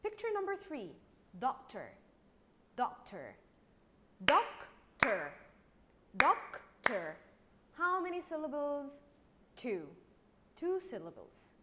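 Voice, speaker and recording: A woman's voice: sits high, wildly swooping pitch, heavy background noise. A young woman with an Egyptian accent teaching a primary English lesson, patient and repetitive, stretching words out to clap their syllables. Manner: slow and patient, repeats words, claps out syllables. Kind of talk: recorded online English lesson.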